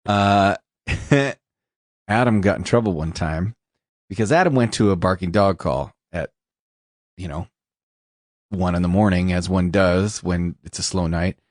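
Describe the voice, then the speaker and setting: A man's voice: low-pitched, measured pace, pauses often, no echo, studio quality. A man hosting a podcast, joking crudely and telling a story about a fellow officer. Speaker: podcast host. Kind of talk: casual podcast chat. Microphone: studio podcast mic.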